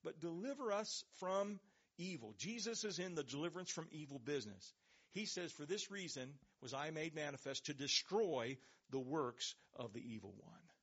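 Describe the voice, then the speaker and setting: A pastor delivering a sermon in a slightly raised voice. He leans into words for emphasis, stretches them out slowly and lets his voice sink low as each point closes. The recording sounds dull and lo-fi. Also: expressive, fairly bright tone, breathy edge. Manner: emphatic preaching, slows and drops low on key words.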